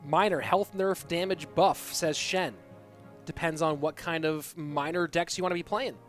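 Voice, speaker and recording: A man casting a live esports match on his own, answering chat between excited play calls. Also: a little high, normal speed. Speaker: esports caster. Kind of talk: solo live esports commentary with chat reading. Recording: loud music behind voice.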